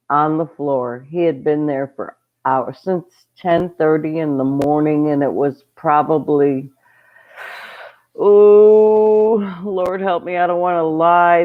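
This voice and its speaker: A woman's voice: sits low, narrow, tinny audio. A woman hosting a homestead channel, telling a story in a casual livestream and breaking off to greet viewers. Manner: chatty, rambling, greets viewers mid-story.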